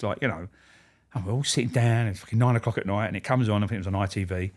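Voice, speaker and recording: This man, once a prison officer, talks fast in a lowish voice as he shares candid, profanity-laced anecdotes. He brings them to life by acting out the voices of those he quotes.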